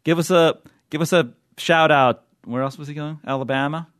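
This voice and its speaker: A man's voice: on the high side, fairly even intonation, normal speed, a bit bright, dry recording. Man, podcast host, casual chat, jokey, rambling, laughs a lot, dry sound.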